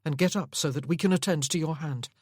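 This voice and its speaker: A woman reading an audiobook voices a young nobleman who speaks in a soft, hushing, gentle way. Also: low-pitched, fast talker, slightly rough. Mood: soothing. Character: tender young nobleman, low and soothing. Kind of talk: audiobook character voice.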